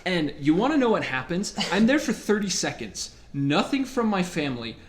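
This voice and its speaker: A man's voice: high voice, moderate pace. A young man co-hosting a podcast, telling a story in casual chat and acting out the people in it. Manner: animated, laughing, acts out voices in quotes. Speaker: podcast co-host.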